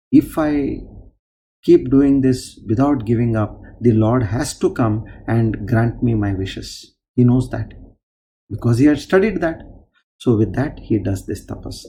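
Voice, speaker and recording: Male discourse speaker, unhurried storyteller, slow and mellow. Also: medium pitch. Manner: unhurried, explanatory. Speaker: spiritual speaker.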